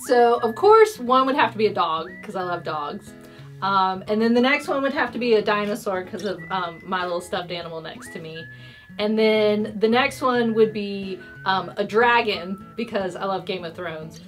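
A woman guesting on a casual YouTube interview. She answers in a bubbly way, giggling between thoughts. Her voice has a middling pitch, with light music faintly underneath. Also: moderate pace.

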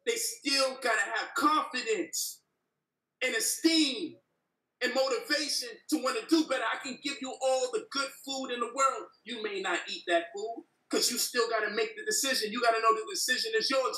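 Man, passionate profane rant, bright tense tone, roomy distant sound. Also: very high-pitched. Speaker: debate guest. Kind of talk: heated debate rant. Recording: echoey room, distant from the mic.

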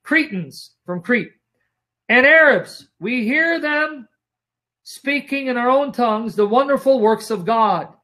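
A man's voice: very high-pitched, animated, takes it slowly, pushed and bright. A man teaching the Bible in a sermon style, emphatic and repetitive, often telling listeners to watch and asking if they follow, his throat strained by coughing.

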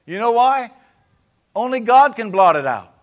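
Cajun pastor preaching with call-and-response. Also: male voice, extremely high pitch, big pitch swings, measured pace. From Louisiana. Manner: conversational preaching, often asking the congregation for an amen. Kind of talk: sermon.

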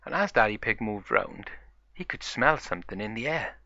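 A man's voice: fairly low pitch, lively intonation, normal speed, creaky, sharp tone, dry recording, dull audio. Man narrating a toy play story. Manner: chatty, run-on storytelling.

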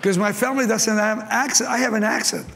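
Speaking in a high, fairly bright voice with vocal fry, a steady tone and a fairly quick pace, this older pastor from Mexico has a Mexican Spanish accent. His conference sermon is impassioned storytelling with acted-out quotes, echoing with long reverb and faint ambience in a large hall.

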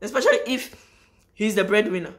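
A woman's voice: mid-range voice, very animated, a little fast. A woman, talking straight to her viewers in a casual vlog monologue. She is emphatic and says key lines twice, and her sentences ramble and restart. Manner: emphatic, repeats phrases for stress. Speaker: vlogger. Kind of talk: casual spoken monologue to camera.

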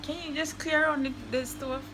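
A woman's voice: sits high, steady tone, moderate pace, noisy background. A woman with a Jamaican accent mixed with British, chatting playfully and giving cooking instructions at home. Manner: playful, laughing, bossy with instructions. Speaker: vlogger host. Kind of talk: casual cooking vlog chat. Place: home kitchen.

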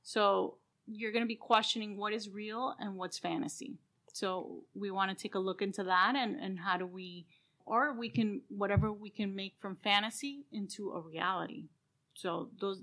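A woman's voice: mid-range voice, fairly even intonation, a bit bright. A woman astrologer guesting on a podcast, explaining things hesitantly. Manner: slow, hesitant. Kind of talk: casual interview.

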